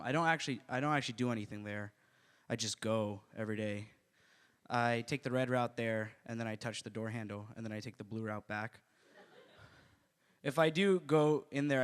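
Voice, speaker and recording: A man performing stand-up comedy at an open mic, acting out characters in high voices. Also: a bit bright, clean tone. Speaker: stand-up comic. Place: small comedy venue.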